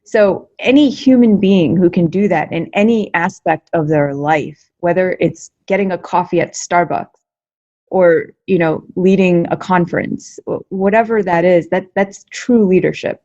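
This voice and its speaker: Chatty woman with a lowish voice. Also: normal speed, highs cut off. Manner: energetic, repeats words, many fillers like "you know" and "like". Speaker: guest researcher and comedian. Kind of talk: conversational interview answers.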